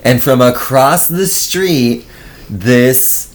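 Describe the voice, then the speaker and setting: A man's voice: mid-range voice, extremely slow. A man co-hosting a podcast, telling a story in a casual chat, laughing often and acting out the voices of people in it. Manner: animated, laughing, acts out quotes.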